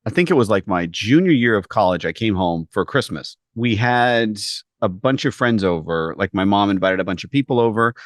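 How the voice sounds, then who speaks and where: A man co-hosting a podcast in a relaxed chat, his pitch swooping up and down as he tells stories. He acts out the lines he quotes. The sound is close and dry. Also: normal speed, hardly any pauses, no echo. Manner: animated storyteller, acts out quotes. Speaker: podcast co-host. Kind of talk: casual chat.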